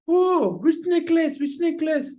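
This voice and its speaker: A man's voice: high-pitched, lively intonation, moderate pace. A man doing pleading, anxious children. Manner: pleading, urgent questions. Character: anxious young children consoling their mother.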